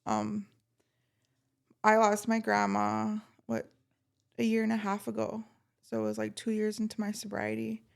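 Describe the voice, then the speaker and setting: Woman podcast host; strong vocal fry, even pitch; heartfelt and halting. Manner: heartfelt, halting, many fillers. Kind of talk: casual interview chat.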